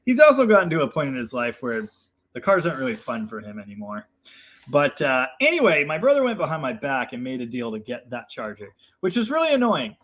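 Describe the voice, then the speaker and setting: A man's voice: medium pitch, huge pitch swings, a little fast, a bit bright. A young man hosting a casual live chat, reading viewer comments and rambling in a self-deprecating way with lots of fillers.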